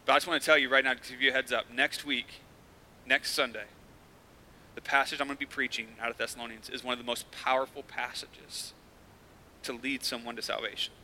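A man preaching a sermon as the pastor, talking casually and swinging from hushed lines to loud bursts. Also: medium pitch, fairly even intonation, fairly quick, a little hiss or hum, poor audio.

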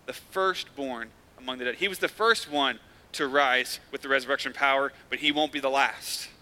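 A man preaching a sermon as the pastor, talking casually and swinging from hushed lines to loud bursts. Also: medium pitch, normal speed, poor audio.

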